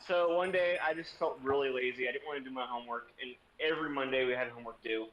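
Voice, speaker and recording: A man's voice: medium pitch, fast talker, lo-fi sound. A young man, a streamer, casually telling a rambling story and swearing freely.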